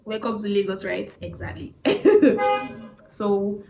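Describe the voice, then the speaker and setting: A young woman with a Nigerian accent telling a personal faith testimony in a chatty, animated way, often restarting her sentences. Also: mid-range voice, fairly quick, slight background noise, rough recording. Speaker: vlogger.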